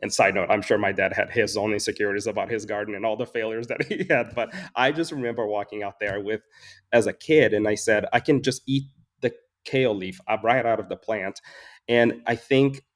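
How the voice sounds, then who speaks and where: Speaking a bit quickly in a lowish voice with fairly even intonation, this forties-aged man recounts personal stories from his work as a flower farmer and floral designer. The interview is casual; he's sincere and thoughtful, plays out conversations and laughs a lot.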